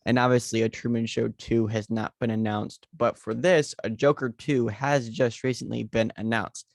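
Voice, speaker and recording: A man's voice: mid-range voice, fairly even intonation, moderate pace, gravelly, dry recording, clean studio sound. A young American man hosting a podcast in a playful, teasing chat. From United States. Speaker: podcast host. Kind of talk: casual chat.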